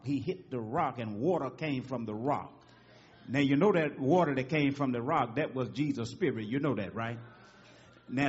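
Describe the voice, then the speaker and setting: A man preaching a sermon, emphatic and rhythmic, punctuating with amens. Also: medium pitch. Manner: emphatic call-and-response preaching with frequent amens. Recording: dull lo-fi recording.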